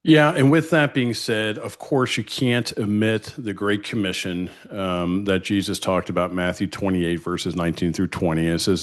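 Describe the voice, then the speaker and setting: A man's voice: low voice, steady tone. Earnest man quoting scripture. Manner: earnest, quotes scripture at a brisk read. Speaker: podcast host. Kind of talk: casual conversation.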